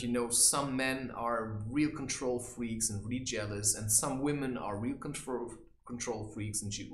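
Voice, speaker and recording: A man giving advice in a rambling casual monologue, saying "you know" constantly and mocking people in high teasing voices. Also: echoey room. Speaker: vlogger giving life advice.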